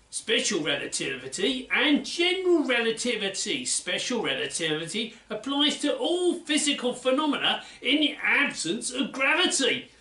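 A man's voice: very high-pitched, bright, forceful tone, pitched above the performer's own voice, exaggerated voice. A man voicing a cheerful, know-it-all Australian man with a put-on Australian accent, earnestly explaining facts. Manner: chirpy, earnest lecturing tone. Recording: roomy, mic at a distance.

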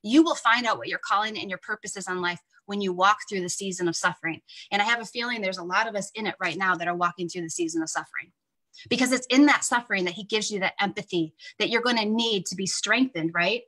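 A woman's voice: medium pitch, fast talker, fairly bright tone, rough recording. A woman leading a morning Bible study, teaching in an earnest, heartfelt and conversational way. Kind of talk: devotional teaching.

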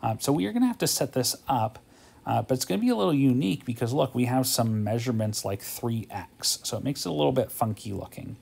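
A man's voice: mid-range voice, animated, quick pace, creaky, a little mellow, breathy edge. A man teaching a math homework walkthrough, thinking aloud in a casual way, tired and yawning, often checking in with "okay?".

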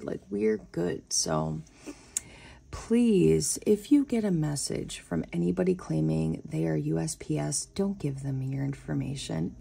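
Slow, gravelly-voiced woman chatting. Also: fairly low pitch, mellow. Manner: chatty, exclaims "oh my goodness", says y'all. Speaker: budgeting vlogger. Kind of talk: casual chat to camera.

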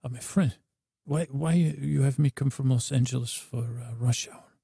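A man's voice: mid-range voice, drawn-out words, vocal fry, husky, no echo, clean studio sound, heavily acted. A man voicing a complaining male guest who grumbles about being called in at rush hour. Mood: grumbling.

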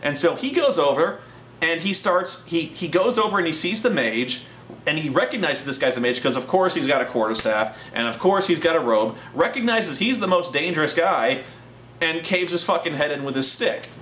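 A man hosting a show, telling a casual tabletop-gaming anecdote in an animated, profane way with frequent restarts. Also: a little high, normal speed, slight background noise. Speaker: host and storyteller. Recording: roomy echoing room.

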